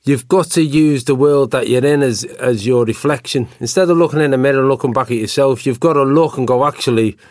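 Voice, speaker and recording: A man's voice: mid-range voice, fairly quick, hardly any pauses, a little mellow, dry recording, studio quality. A man co-hosting a casual conversation, reflective and thinking aloud, often repeating words as he goes.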